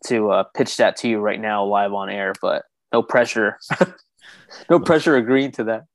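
A man co-hosting a podcast, chatting casually in a playful, joking way with some hesitant pauses. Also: lowish voice, creaky. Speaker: podcast co-host. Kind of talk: casual chat.

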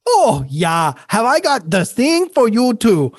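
A woman's voice: a little high, sing-song, takes it slowly, no room sound, exaggerated voice. A woman playing a bumbling male German doctor, a shifty ex-Nazi, in a put-on German accent with a smarmy, stammering manner. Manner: smarmy, bluffing, stammering excuses. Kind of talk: comedy sketch acting.

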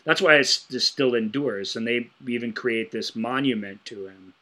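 A man with a crisp, bright voice chats casually as a podcast co-host. He lays out his thoughts in a measured, thoughtful way. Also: medium pitch. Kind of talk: casual chat.

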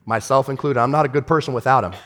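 A man pastor preaching a sermon, swinging from shouted rebukes to hushed, tender storytelling. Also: medium pitch, fast. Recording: long hall reverb.

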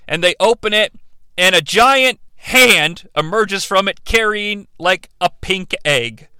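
A man's voice: sits high, animated, slow, pushed and bright, clear, resonant tone, no echo. A man hosting a comedic movie review, sarcastic, profane and mocking. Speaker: host.

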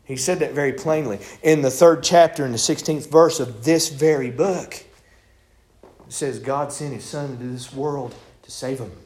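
A man preaching a sermon in a folksy storytelling manner, acting out voices and building to shouts. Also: medium pitch, moderate pace.

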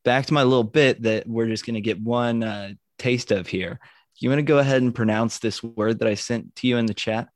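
A man's voice: medium pitch, a little fast, no echo. A man co-hosting a casual podcast, chiming in with wry quips and his own stories. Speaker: podcast co-host. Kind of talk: casual chat.

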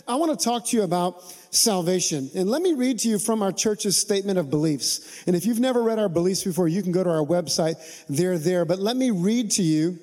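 A man's voice: high voice, mellow. A man preaching a sermon to his congregation as pastor, in a conversational and humorous way, asking the listeners to respond.

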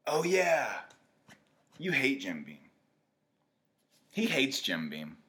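A man with a very animated, swooping voice, bantering on a podcast. He is playful and laughs a lot, and his thoughts keep wandering off mid-sentence. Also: medium pitch, takes it slowly. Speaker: podcast co-host. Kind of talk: casual chat.

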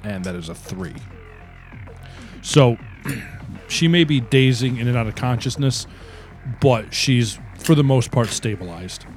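A man running a tabletop game as game master, describing outcomes in a measured way with some hesitant fillers. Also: medium pitch, expressive, a little mellow, soft background music.

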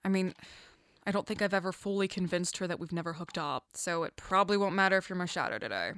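A woman acting in an audio drama with a dry, deadpan delivery. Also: fairly low pitch, quick pace, dry recording.

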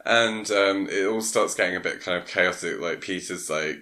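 Low-voiced man recapping rambly. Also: moderate pace, a crowd in the background. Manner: rambling, full of "um" and "like". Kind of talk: casual chat, film plot recap.

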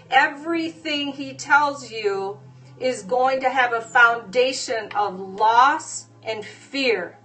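A woman preaching a sermon, hesitating with fillers at times and then pressing her points with forceful repetition. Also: on the high side, takes it slowly, far from the mic, soft background music. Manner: emphatic, repeating phrases with rising force.

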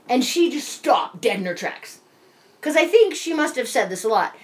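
A woman's voice: fairly high pitch, lively intonation, moderate pace. A woman co-hosting a casual chat, telling a story animatedly with lots of swearing. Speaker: podcast co-host.

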